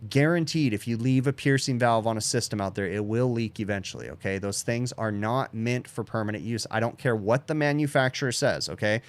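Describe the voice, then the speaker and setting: A sleepy, yawning man hosts a casual livestream Q&A for his HVACR channel, answering chat questions bluntly and opinionatedly and tacking "okay?" onto his points. He speaks at medium pitch, fairly quickly, with few pauses.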